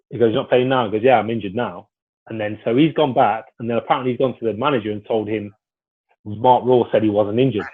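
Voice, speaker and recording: A man, a former footballer telling stories in a casual, rambling way with lots of restarts. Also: medium pitch. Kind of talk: casual storytelling interview. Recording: phone-like narrow sound.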